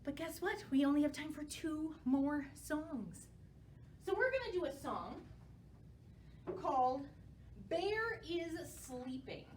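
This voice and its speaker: A woman, a children's librarian, leading a storytime for young children with bright, encouraging talk. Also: sits high, expressive, a little slow, long pauses, roomy sound, distant mic, slight background noise.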